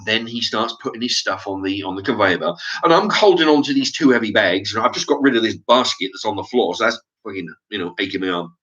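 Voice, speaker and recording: A man's voice: mid-range voice, bright, forceful tone, highs cut off. A man telling a story in a casual vlog monologue, swearing freely and often restarting his sentences, checking in with "right?". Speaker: vlogger.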